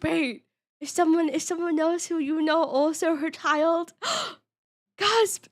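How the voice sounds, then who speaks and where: A young woman streaming as a VTuber, chatting casually with her viewers in a giggly, excitable way, often restarting and stammering. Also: extremely high pitch, slow. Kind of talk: casual live-stream chat.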